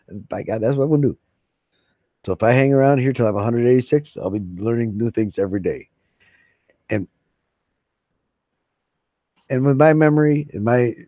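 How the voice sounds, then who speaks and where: A man chats to his viewers in a rambling, folksy way, swearing as he goes. His voice sits low and warm. The sound is dry and a little dull, from a lo-fi mic. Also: dry recording. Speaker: live streamer. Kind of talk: casual chat to viewers.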